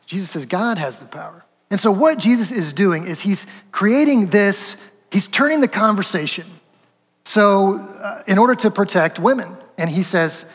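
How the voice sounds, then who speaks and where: A man's voice: high voice, expressive, moderate pace, breathy edge, big-room sound. A man preaching a sermon as pastor, conversational and asking the congregation questions.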